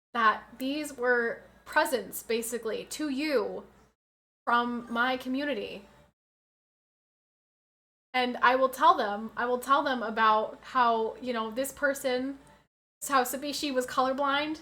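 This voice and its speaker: A woman's voice: sits high, sharp tone. A woman in her twenties chatting casually on a livestream, reading out and answering chat with frequent laughs. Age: 20s.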